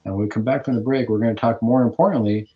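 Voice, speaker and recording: A man's voice: fairly low pitch, fairly even intonation, fast. Man, Catholic radio host, earnest preaching monologue, dull lo-fi sound. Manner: earnest, preaching, with fillers and restarts. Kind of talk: radio talk show monologue.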